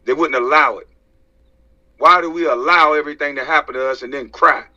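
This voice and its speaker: A man's voice: fairly high pitch, steady tone, a little fast, bright, forceful tone. Man in a tense, profane rant. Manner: profane, preachy, fires rhetorical questions. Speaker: social media commentator. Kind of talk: heated rant to camera. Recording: dull lo-fi sound.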